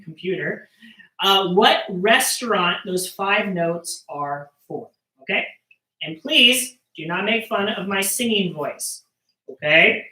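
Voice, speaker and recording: A woman's voice: mid-range voice, pushed and bright. A woman performing and teaching percussion storytelling to children over a live stream, in a playful, joking way. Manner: playful, jokey, talking to kids. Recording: roomy sound, mic at a distance.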